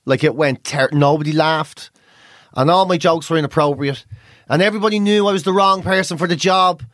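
A man's voice: fairly high pitch, fairly quick, dry recording, studio quality. An Irish man, a comedian co-hosting a podcast, telling stories in casual chat and swearing freely. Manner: profane, animated storytelling.

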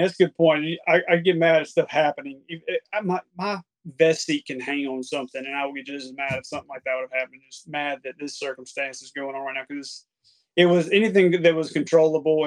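Male podcast guest, higher voice, earnest and chatty, restarts a lot. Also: steady tone, fast talker. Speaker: podcast guest, turkey hunter. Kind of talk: casual chat.

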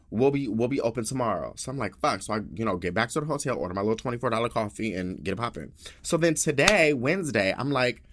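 A man's voice: medium pitch, a bit bright. A man hosting a podcast, telling a story in a sassy, dramatic rant full of swearing and asides. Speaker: podcast host.

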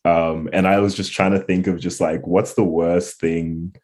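A man talking casually as a guest about making his song, relaxed and rambling. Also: low-pitched, a little slow. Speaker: musician guest. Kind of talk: casual interview talk.

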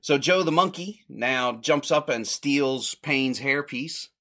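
A man's voice: mid-range voice, takes it slowly, pushed and bright. A man hosting a podcast, casually retelling an old comedy short, rambling a little, correcting himself and chuckling often. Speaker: podcast host.

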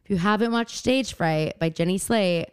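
A young woman co-hosting a podcast, telling stories in a fast, giggly, casual chat. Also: medium pitch, clear, resonant tone, no echo, studio quality. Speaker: podcast co-host.

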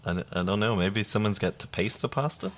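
A young man co-hosting a podcast, reading listener stories aloud in a casual, deadpan way, swearing freely and laughing now and then. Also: fairly low pitch, fairly quick. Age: young adult.

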